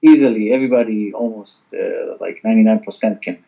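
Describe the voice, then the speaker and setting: A man's voice: on the low side, a little fast, gravelly, hardly any pauses, mellow, husky, muffled recording. A man with an Israeli accent, a native Hebrew speaker, chatting hesitantly and searching for words.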